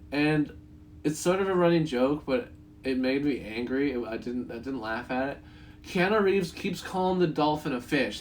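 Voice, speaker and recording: A man's voice: medium pitch, slight background noise. A young man with a voice in the middle of the usual range runs through his notes on a film. He rambles, swears freely, and breaks off to chuckle at his own points. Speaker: movie reviewer. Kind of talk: casual spoken movie review.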